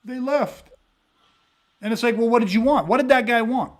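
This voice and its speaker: A man's voice: very high voice, fast talker, a little hiss or hum. A man and self-defense instructor in a casual podcast monologue, swearing freely and acting out the people in his stories. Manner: profane, animated storyteller acting out quoted voices.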